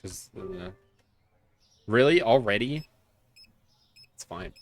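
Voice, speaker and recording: A man's voice: medium pitch, very animated, slow pace, gravelly. A man streaming a video game, chatting casually and rambling in a jokey, self-mocking way. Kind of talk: casual let's-play commentary.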